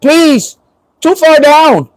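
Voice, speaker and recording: A man's voice: very high-pitched, animated, extremely slow, no echo, pitched above the performer's own voice, exaggerated voice. A man doing a panicky woman afraid of heights. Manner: pleading, panicky. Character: frightened woman scared of heights.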